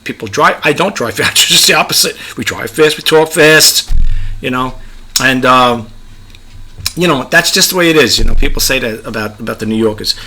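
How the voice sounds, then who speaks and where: A man's voice: medium pitch, lively intonation, normal speed, bright, forceful tone, husky. A middle-aged man with a New York accent, giving chatty, rambling advice as a YouTube creator and often repeating himself. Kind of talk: casual advice monologue.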